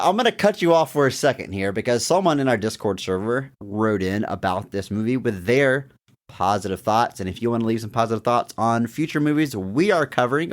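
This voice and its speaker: This is a man co-hosting a movie podcast with a fairly low voice. He chats loosely about a film and slips into playful impressions of its lines. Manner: animated, acts out quotes from scenes. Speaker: podcast co-host. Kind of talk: casual movie discussion podcast.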